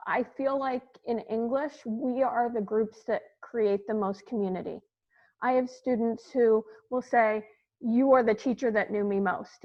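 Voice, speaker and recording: A woman's voice: a little high, highs cut off. A woman who teaches English, talking chattily and with enthusiasm in a webinar panel discussion over a video call. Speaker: English instructor.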